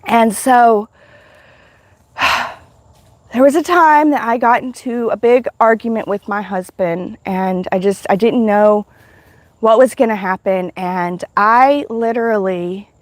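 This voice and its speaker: A woman with a somewhat high voice speaks slowly on a livestream she hosts, sharing a spiritual testimony. Her telling is emotional and rambling, with many restarts, and the recording has no room sound.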